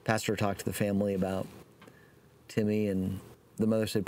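A man preaching a sermon, praying and telling a story in a relaxed, folksy way with fillers. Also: lowish voice, moderate pace, pauses often, slight background noise.

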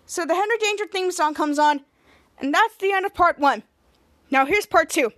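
A woman's voice: very high-pitched, normal speed, a bit bright. A woman hosting a podcast, casually recapping a TV episode in a rambling, play-by-play way with frequent restarts. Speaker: podcast host.

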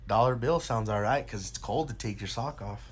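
A man's voice: on the low side, fairly quick, a little hiss or hum. Slangy, swearing man in casual chat. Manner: rambling, slangy, swears a lot, laughs often. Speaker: podcast co-host.

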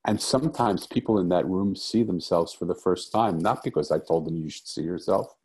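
Earnest middle-aged man, deep husky voice. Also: brisk, darkish tone. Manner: earnest, reflective, repeats phrases for emphasis. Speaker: guest. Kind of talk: conversational storytelling.

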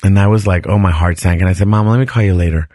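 Low-voiced chatty man telling a story. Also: quick pace, no echo, studio quality. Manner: animated, chatty, restarts sentences and laughs often. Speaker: podcast host. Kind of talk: casual storytelling.

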